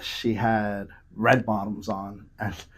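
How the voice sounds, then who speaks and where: A man on a podcast telling profane, animated stories with lots of restarts. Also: on the low side, slow pace, slightly rough. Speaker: podcast guest. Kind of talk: casual storytelling. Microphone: studio podcast mic.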